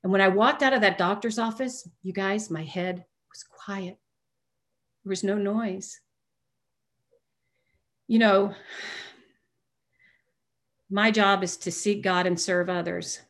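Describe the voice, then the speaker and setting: A woman giving an earnest, emphatic personal testimony at a recovery meeting, stumbling and restarting often and dropping to a hushed voice when retelling conversations. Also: fairly low pitch. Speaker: sober member sharing at a recovery meeting.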